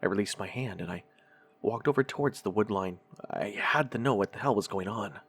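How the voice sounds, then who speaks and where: A man with a lowish voice narrates a first-person horror tale in a measured, unhurried way. Faint music plays softly beneath his voice. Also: creaky, breathy edge. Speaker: horror podcast host reading stories.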